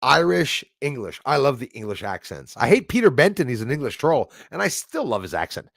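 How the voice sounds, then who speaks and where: A man's voice: mid-range voice, very animated, a little fast, creaky, fairly bright tone, dry recording, clean studio sound. A man from Montreal, hosting a live stream and casually thanking his viewers as he signs off, switching between French and English. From Montreal, Canada.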